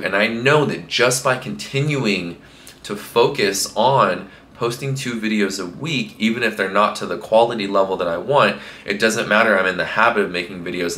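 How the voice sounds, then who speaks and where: A man's voice: low-pitched, pushed and bright, a little hiss or hum. A young man talking casually to camera as a fitness coach, rambling with lots of fillers. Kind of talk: casual motivational talk to camera. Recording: echoey room.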